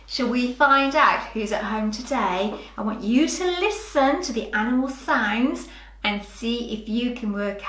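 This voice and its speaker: A woman teacher giving a preschool phonics lesson, talking slowly to small children in a sing-song, animated way. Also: a little high. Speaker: early years teacher. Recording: roomy echoey room.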